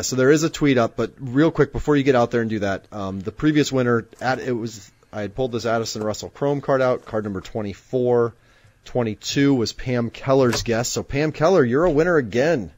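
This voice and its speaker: A man's voice: lowish voice, a little mellow. A man co-hosting a live sports card show, chatty and joking as he runs viewer giveaways. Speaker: co-host running giveaways. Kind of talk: casual live-stream chat.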